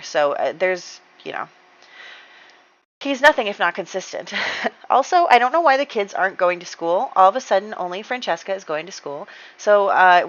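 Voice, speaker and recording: A woman's voice: lowish voice, fairly bright tone. A young woman hosting a let's-play, chatting casually and rambling with lots of fillers as she retells what the game characters say. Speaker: gaming channel host. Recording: slightly dull lo-fi mic.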